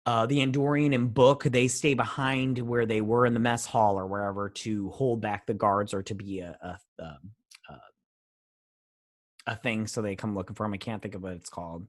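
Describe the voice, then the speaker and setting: A man's voice: on the low side, fairly even intonation, moderate pace, no room sound. Guy hosting a review show, rambly and over it, keeps saying "he's all like", dry close sound. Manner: rambling, dismissive, paraphrases scenes with "he's all like". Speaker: show host. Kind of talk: casual episode recap and review.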